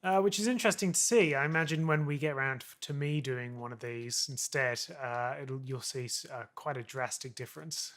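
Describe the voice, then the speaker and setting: A man's voice: mid-range voice, fairly quick, few pauses, a bit bright. A man chatting casually with a colleague in a studio, rambling with many fillers. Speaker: co-host and fellow composer. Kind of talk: casual working chat. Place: music studio. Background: music playback.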